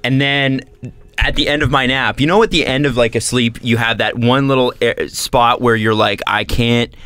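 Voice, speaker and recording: A young man hosting a podcast, telling stories in an animated way and acting out quotes. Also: medium pitch, moderate pace. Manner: animated storyteller who acts out quotes and laughs often. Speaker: podcast host. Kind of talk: casual podcast chat.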